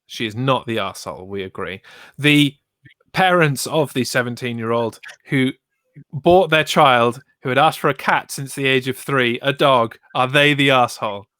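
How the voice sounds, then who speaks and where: A man's voice: mid-range voice, moderate pace, bright, forceful tone, dry recording. A man co-hosting a podcast in casual chat, laid-back and wry, summing up the verdicts. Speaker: podcast co-host.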